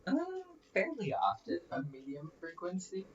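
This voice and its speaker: A man's voice: fairly high pitch, very animated, moderate pace. A man with a mixed Russian-sounding accent chatting casually on a stream, laid-back and rambling. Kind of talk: casual chat. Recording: distant muffled mic.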